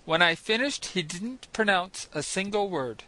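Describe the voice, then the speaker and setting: A man reads a novel in the first person as an audiobook, measured and expressive. His voice sits high and bright, and the recording is close and dry. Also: dry recording, low-quality recording. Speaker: audiobook narrator. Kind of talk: scripted first-person narration.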